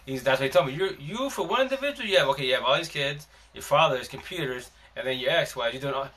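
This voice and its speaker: A man's voice: medium pitch, quick pace, sharp tone. A man hosting a live stream, casually telling a long story in a rambling, slangy way with many restarts.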